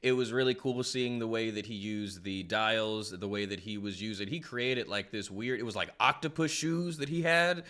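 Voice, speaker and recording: A man hosting a casual podcast chat, enthusiastic and halting, with frequent restarts. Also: on the low side, sharp tone. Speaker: host.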